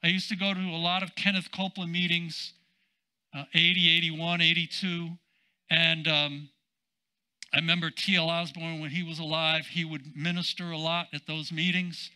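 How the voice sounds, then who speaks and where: An older man, a senior pastor, preaching a sermon in an emphatic, drawn-out way with casual asides. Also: on the high side, level tone, pushed and bright, clean tone, poor audio.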